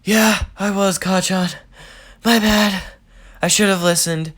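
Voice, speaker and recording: Man putting on an excitable young hero's high voice. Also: slow pace, heavily acted. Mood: sheepish. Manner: high, gushing and pleading. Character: eager, excitable boy hero who is a superpower fan.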